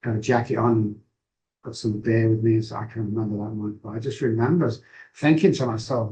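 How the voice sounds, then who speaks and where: A middle-aged man, speaking as an interview guest. He tells a personal story candidly, with frequent pauses and restarts. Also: fairly low pitch, steady tone, mellow, poor audio. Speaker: guest, addiction recovery expert.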